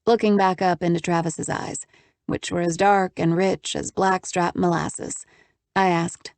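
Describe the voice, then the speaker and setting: A woman narrating an audiobook in a steady, measured way. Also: lowish voice, creaky, no echo.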